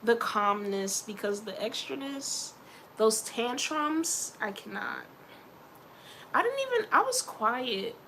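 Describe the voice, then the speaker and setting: A woman vlogging in a casual chat, her bright, sharp voice swooping high and low as she talks. Her delivery is animated and playful, with slangy asides and a gravelly fry at the ends of phrases. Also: slow pace, a little hiss or hum.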